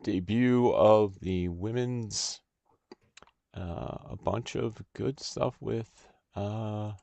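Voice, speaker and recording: A man hosts a laid-back livestream and talks his way through the work at an unhurried pace. His voice has a gravelly edge. He trails off and restarts as he thinks aloud, and the sound is close and dry. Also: lowish voice, dark tone, no room sound. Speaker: stream host. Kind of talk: casual livestream chat while designing cards.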